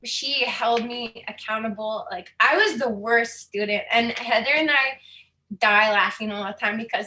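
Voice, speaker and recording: A woman's voice: fairly high pitch, fairly even intonation, a little slow, sharp tone, roomy sound. A woman in her thirties from Saskatchewan, giving a candid, chatty personal talk as a guest speaker, laughing often and moved at times. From Saskatchewan, Canada.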